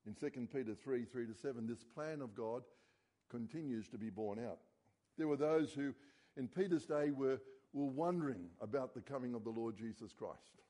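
Pastor, male, warm mellow tone, earnest sermon delivery that sinks quiet on key words. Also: mid-range voice, normal speed.

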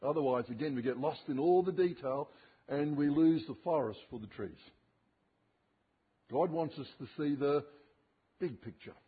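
A male preacher giving an expository sermon, reading scripture slowly and emphatically, with dramatic rises and drops in his voice. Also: on the high side, slightly rough. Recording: tinny phone-like sermon recording.

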